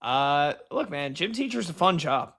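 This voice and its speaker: A man's voice: fairly high pitch, big pitch swings, measured pace, creaky, fairly bright tone. A man co-hosting a sports radio show, rambling loosely and joking in casual banter.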